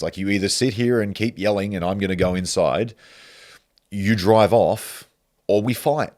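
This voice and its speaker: A low-voiced man hosts a podcast in casual chat. He tells an animated story, swearing freely and breaking into laughter as he goes. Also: normal speed. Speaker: podcast host.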